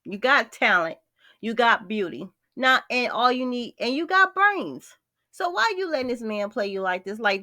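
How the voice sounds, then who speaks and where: A woman's voice: on the high side, bright, forceful tone, no room sound. Blunt, exasperated woman vlogger, close dry mic. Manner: blunt, exasperated, talks straight to the viewer. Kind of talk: celebrity gossip commentary.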